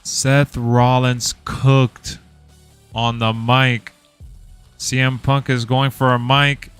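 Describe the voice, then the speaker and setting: A man hosting a live watch-party stream, reacting to the show with excitable, slangy commentary. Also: medium pitch, takes it slowly, clean tone, faint music behind. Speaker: livestream reaction host.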